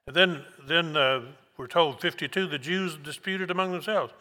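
A man preaching a sermon verse by verse, slow and emphatic, repeating key words for weight. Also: on the high side, sharp tone. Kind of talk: expository sermon. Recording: long hall reverb.

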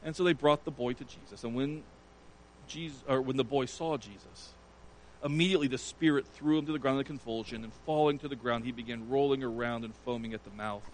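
A man's voice: medium pitch, brisk, a little hiss or hum, rough recording. A man preaching a sermon, retelling a scripture story with earnest emphasis. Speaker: pastor.

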